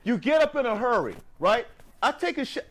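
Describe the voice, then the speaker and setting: A man's voice: very high voice, sing-song, a little fast. A man co-hosting a casual after-show chat, ranting animatedly with many restarts. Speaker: morning show co-host.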